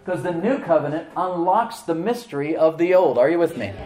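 A middle-aged male pastor delivers a sermon in a relaxed, conversational way, often turning to the congregation with questions. His voice sits a little higher than most men's. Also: a little fast.

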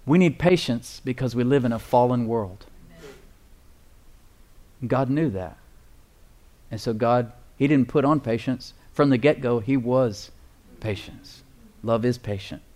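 A man preaching a sermon, slowing down to stress key phrases and calling for responses from the congregation. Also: mid-range voice, darkish tone. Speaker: pastor.

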